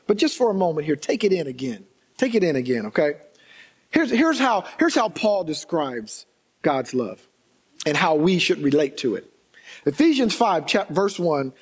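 Guy preaching a sermon, kinda high voice, says things over and over for emphasis. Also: sing-song, normal speed, slightly rough. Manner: emphatic, repeats phrases, acts out quoted voices.

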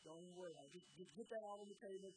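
A woman's voice: lowish voice, racing, noisy background. A woman preaching a sermon, urging her listeners on with repeated calls and emphatic declarations. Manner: exhorting, repetitive calls to the congregation. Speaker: pastor.

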